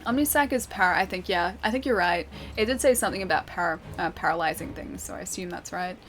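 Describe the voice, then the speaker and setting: A woman's voice: on the low side, expressive, fast, fairly bright tone. A young Australian woman chatting casually with her livestream chat while playing a game, laughing often and reading messages aloud. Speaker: streamer.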